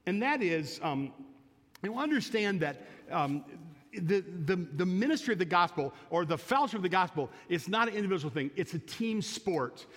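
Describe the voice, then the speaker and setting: A man preaching to his congregation, telling homely stories before pressing his points with rising emphasis. His voice sits a little high, and a long reverb from the church hangs on every phrase. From United States. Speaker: pastor. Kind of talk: sermon. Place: church sanctuary.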